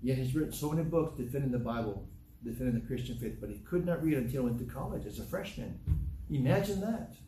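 A man's voice: medium pitch, lively intonation, quick pace, mellow, a little hiss or hum. An older man preaching a sermon emphatically, quoting scripture in old-fashioned English. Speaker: pastor. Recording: echoey room from a distance, faint ambience.

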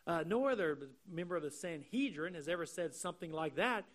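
High-voiced man preaching an earnest sermon. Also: lively intonation, fairly bright tone. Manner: earnest, explanatory, slows down to stress key phrases. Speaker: pastor. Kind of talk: expository sermon.

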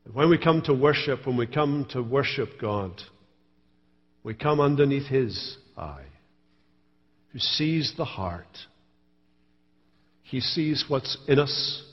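A man's voice: medium pitch, lively intonation, slow, pauses often, long reverb tail, highs cut off. A man preaching a sermon as pastor, telling stories with wry humor. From Scotland. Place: church sanctuary.

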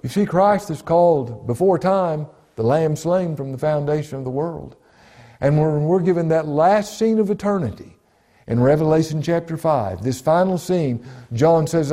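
A male pastor preaching a sermon, emphatic and repetitive, slowing and dropping to a hush when quoting scripture. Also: on the high side, expressive. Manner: emphatic, repeats key phrases, slows and drops to a hush on scripture. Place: church broadcast.

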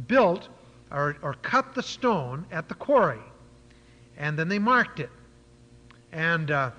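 A man's voice: high-pitched, sharp tone. A man preaching a sermon, retelling a Bible story and explaining words with frequent fillers. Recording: dull lo-fi church hall recording.

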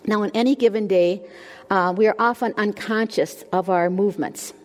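Older woman, sermon speaker, warm self-deprecating humor, mid pitch, long hall reverb. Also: fairly even intonation, normal speed. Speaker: women's ministry speaker.

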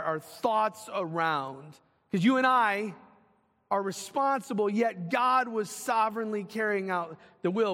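A man preaching a sermon as pastor, swinging from loud, urgent calls to hushed, slow lines. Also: high-pitched, big-room sound.

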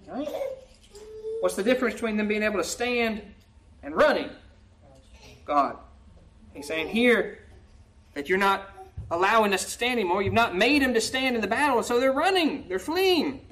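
Animated and slightly bright, with medium pitch and normal speed, this preacher reads an old-fashioned psalm aloud and explains it in plain terms. The sermon is peppered with "right?" to the listeners, and the tone rises to pleading for the lament.

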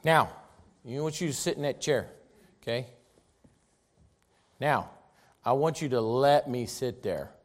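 Lively, slow-preaching man. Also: medium pitch. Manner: emphatic, repetitive, swings from loud to soft. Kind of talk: sermon.

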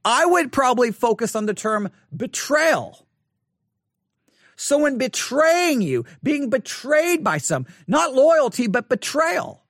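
Male Bible teacher, high voice, dry close sound, earnest and repetitive, online lesson. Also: big pitch swings, a bit bright, dry recording. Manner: repetitive, earnest, restarts and emphatic slow repeats.

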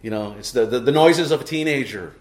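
Emphatic middle-aged preacher in an echoey church. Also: male voice, mid-range voice, brisk, a little mellow. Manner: emphatic preaching with repeated rhetorical questions. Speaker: pastor. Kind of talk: sermon. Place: church sanctuary.

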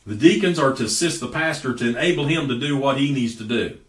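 A middle-aged man preaching a sermon as pastor, folksy and emphatic, with sudden bursts of loud speech. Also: medium pitch, fast. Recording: echoey room, voice heard from a distance.

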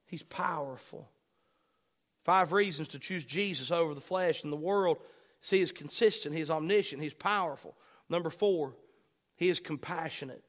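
A male pastor with a high voice delivers a fervent sermon. He swings between loud, urgent bursts and quiet, softer asides. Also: moderate pace.

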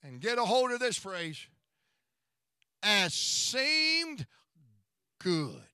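A man's voice: high-pitched, wildly swooping pitch, extremely slow, bright, forceful tone, clear, resonant tone, dry recording, clean studio sound. A middle-aged man preaching a revival sermon in a church, building rhythmic repeated lines and calling out to the congregation. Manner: call-and-response preaching, chanting repetition.

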